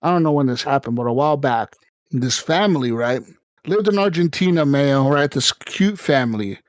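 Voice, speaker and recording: Man, podcast host, fast profane storytelling, fairly high voice, dry close sound. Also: animated, no room sound, rough recording. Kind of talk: casual chat.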